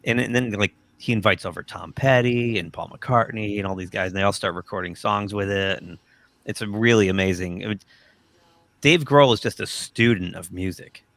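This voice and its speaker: A man hosting a livestream and telling lively anecdotes over a video call. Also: fairly low pitch, normal speed, no room sound. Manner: animated anecdote teller, quotes people in voices. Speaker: livestream host. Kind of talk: casual chat, storytelling.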